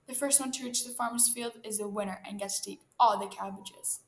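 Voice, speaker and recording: A woman's voice: mid-range voice, steady tone, brisk, reverberant, a little hiss or hum, close to an everyday voice. A woman voicing a greedy, boastful young male hare who speaks in a smug, taunting tone in a storybook reading.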